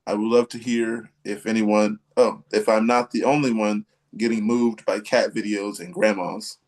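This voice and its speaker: A man's voice: lowish voice, little pitch movement, normal speed, a little mellow. A man hosting a casual live podcast chat, rambling and hesitant, with many ums and restarts. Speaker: podcast host.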